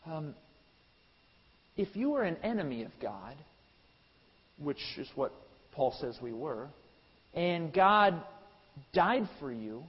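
A male pastor preaching a sermon. His voice builds to loud, emphatic peaks, then drops to quiet asides, with frequent restarts. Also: fairly high pitch, very animated, a little slow, long pauses, husky. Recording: long hall reverb, dull lo-fi sound.

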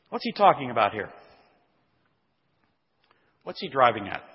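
A male pastor teaching an expository sermon, reading scripture aloud and explaining its words with deliberate care. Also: mid-range voice, big pitch swings. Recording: dull lo-fi sound with long hall reverb.

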